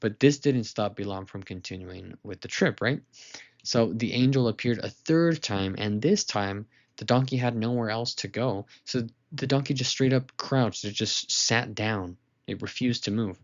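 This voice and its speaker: A man teaching a weekly lesson to children, retelling a story in a lively, casual way with asides to listeners. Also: fairly low pitch, normal speed, muffled recording.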